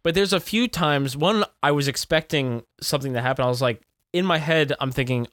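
A man's voice: a little high, fairly quick, fairly bright tone, no echo, clean studio sound. A young man co-hosting a casual movie review podcast, talking in a blunt, laid-back way and swearing now and then. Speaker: podcast co-host.

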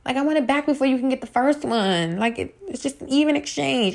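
Animated, profane young woman podcaster. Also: sits high, brisk, gravelly, few pauses. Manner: blunt, profane, animated, repeats phrases. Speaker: podcast host. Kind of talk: casual solo podcast rant.

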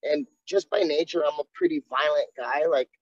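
A jiu-jitsu coach talks candidly and earnestly in a casual interview, frequently restarting his sentences. His voice is fairly high at normal speed, captured in a dull, dry recording.

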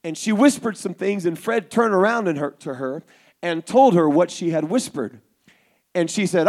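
A man preaching a Pentecostal sermon to young people, telling a story and building to shouted fervor. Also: high voice, lively intonation, normal speed.

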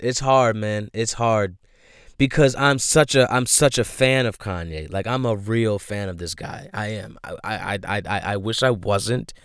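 A young man rants straight to the mic in slow, drawn-out phrases. His voice is smooth and clear in a dry, close sound. He is slangy and emphatic and circles back to the same points again and again. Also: fairly low pitch, no room sound. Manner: slangy, emphatic, repeats himself, leans on "bro". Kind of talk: casual commentary rant.

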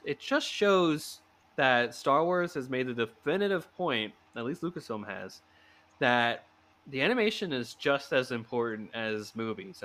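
Male podcast host, bright clear voice, animated and quick to laugh, casual chat. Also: medium pitch. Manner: animated, laughs often, restarts and fillers.

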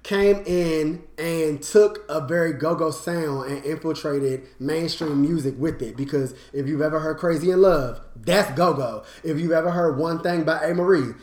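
Excitable dc woman cohost, echoey room, laughs and sings along. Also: sits low, moderate pace, hardly any pauses. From Washington, D.C. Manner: excitable, breaks into song and laughter. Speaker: podcast co-host. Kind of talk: casual chat.

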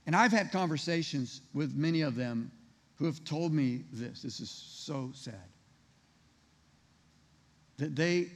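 A man's voice: a little high, slow, pauses often. A man preaching a conversational sermon, firing rhetorical questions at his congregation. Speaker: pastor. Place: church sanctuary. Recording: reverberant hall.

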